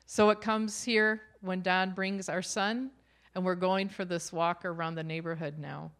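A woman's voice: lowish voice, a bit bright. A middle-aged woman giving a personal faith testimony in an earnest storytelling way, often breaking into a light laugh. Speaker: speaker sharing a personal testimony.

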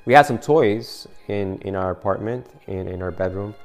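A man's voice: lowish voice, normal speed, a little mellow, faint music behind. A man preaching a sermon in a loose, conversational way, often restarting his phrases and chuckling at his own story.

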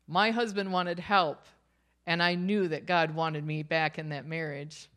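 A woman's voice: sits low, steady tone, unhurried, a bit bright. A middle-aged woman giving a personal faith testimony in an earnest storytelling way, often breaking into a light laugh. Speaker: speaker sharing a personal testimony.

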